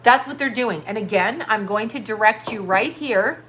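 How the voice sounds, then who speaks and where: A woman's voice: a little high, a bit bright, slight background noise. Emphatic woman in her fifties ranting. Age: 50s. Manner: emphatic, profane, rapid-fire rhetorical questions. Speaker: livestream host. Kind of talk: impassioned livestream rant.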